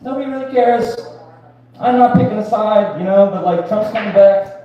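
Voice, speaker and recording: A high-pitched male comic in his thirties rambles crudely through a live stand-up set, regularly checking in with the crowd by asking "right?". He speaks at normal speed, and the audio is dull, echoey and distant, with slight background noise.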